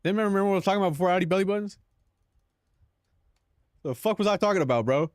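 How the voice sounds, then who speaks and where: A man's voice: sits high, expressive, very fast, dry recording, clean studio sound. A young man streaming live, chatting casually, joking and swearing, often laughing at his own bits.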